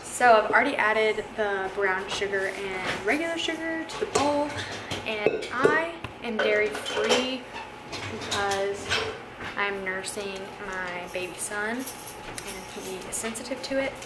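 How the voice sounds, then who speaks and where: Cooking at home for her vlog, a young woman talks through every step in a relaxed way and laughs a lot. She speaks slowly in a mid-range voice with lively intonation, and the audio is very noisy, with echo off the kitchen walls and music in the background.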